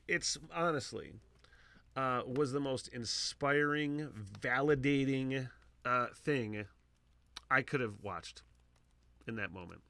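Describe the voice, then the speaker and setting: A man rambles through a solo podcast monologue in a bright, forceful voice, cursing freely. His delivery jumps between loud bursts of enthusiasm and low, trailing mutters. The sound is close-miked and dry, with no room around it. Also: no room sound. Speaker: podcast host. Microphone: close podcast microphone.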